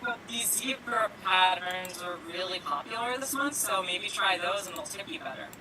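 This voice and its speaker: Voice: medium pitch, moderate pace, crowd noise, close to an everyday voice, poor audio. A performer voicing an easygoing, reassuring nail technician in an online improv scene.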